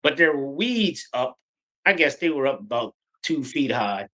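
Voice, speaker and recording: A middle-aged man from Pennsylvania telling a true encounter story in a halting, breathless, vivid way. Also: mid-range voice, sing-song, pushed and bright. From Pennsylvania, USA. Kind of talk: animated personal storytelling.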